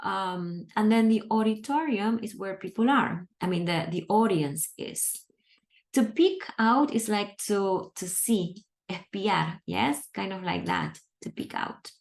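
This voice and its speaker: A woman's voice: mid-range voice, a little slow. A woman teaching English, reading a book aloud and patiently explaining its grammar and vocabulary step by step.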